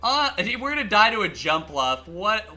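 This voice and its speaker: Man, livestreamer, high bright voice, swears a lot, excitable gameplay commentary. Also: normal speed. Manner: excitable, swears a lot, laughs and shouts at the game; chatty, talks straight to chat.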